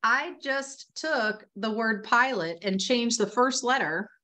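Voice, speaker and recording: A woman speaking in a casual webinar conversation over a video call, chatty and animated, full of "you know" and "like" as she explains reading instruction. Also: a little high, slow pace.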